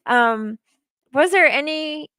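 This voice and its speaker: A woman's voice: high-pitched, animated, slow pace, sharp tone, no echo. Chatty woman co-host, dry sound. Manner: chatty, rambling questions. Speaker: co-host and interviewer. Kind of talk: casual live-stream interview.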